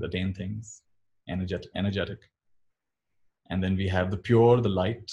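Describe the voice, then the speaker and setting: A man giving a calm spiritual teaching talk, often repeating phrases softly. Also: on the low side.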